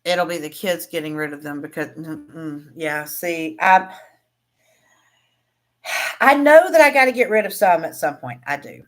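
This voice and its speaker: Speaking slowly with frequent pauses, this crafting livestream host has a low, animated voice. She reads comments and chats informally with her audience, breaking into laughter and drifting off mid-thought before beginning again.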